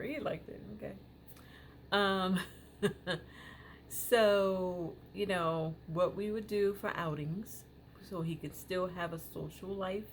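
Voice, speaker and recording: Low gravelly-voiced woman chatting casually. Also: slight background noise. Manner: rambling, filler-heavy, many "you know"s. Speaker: parent vlogger. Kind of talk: casual chat to camera.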